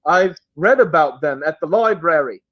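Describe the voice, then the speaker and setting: A man voicing a shy, gentle male ogre who reads books and speaks slowly and politely. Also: a little high, animated, dull audio. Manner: slow, polite, soft-spoken.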